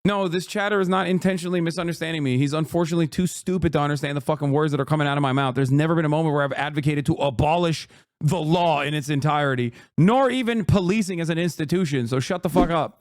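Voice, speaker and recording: A man streaming live and reacting in a profane, heated, sarcastic rant. His voice sits a little high for a man. The sound is dry and close, with no room around it. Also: fast talker, no echo. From Turkey.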